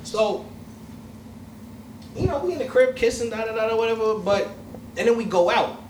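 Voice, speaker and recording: A man hosting a casual chat, telling a long story in a loud, profane, laughing way. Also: high-pitched, animated, normal speed. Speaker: host. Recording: echoey room, mic far off, faint noise.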